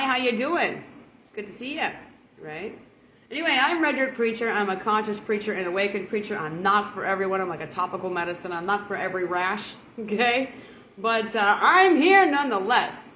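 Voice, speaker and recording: A woman's voice: medium pitch, pushed and bright, echoey room, a little hiss or hum, poor audio. Folksy woman preaching casually. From Oklahoma. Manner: chatty, rambling, laughs at her own jokes. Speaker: online preacher.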